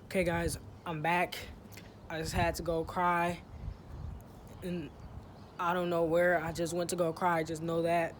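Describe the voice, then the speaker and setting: A playful vlogger jokes straight into a handheld phone camera, heavy on slang and teasing. The voice sits at an ordinary middle pitch. It is recorded outside in the sun, with clear outdoor noise running underneath. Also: completely flat delivery, unhurried, pauses often. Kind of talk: casual vlog talking to camera. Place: outdoors in sun, near a truck.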